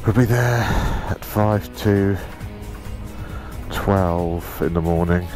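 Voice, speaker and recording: Weary, sweary biker, slow talk. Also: male voice, sits low, loud music behind the voice. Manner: sweary, joking, worn out. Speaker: motorcycle vlogger. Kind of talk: casual vlog chat. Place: outdoors on a motorcycle tour.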